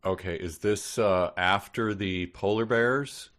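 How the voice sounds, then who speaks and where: A man co-hosting a podcast, rambling playfully and quick to laugh while discussing a novel. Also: fairly low pitch, a bit bright. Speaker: podcast co-host. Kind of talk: casual comedic book discussion.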